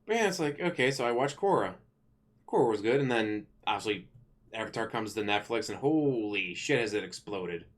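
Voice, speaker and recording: A man ranting casually to camera as a channel host, rambling and correcting himself, blunt and quick to swear. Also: fairly low pitch, animated.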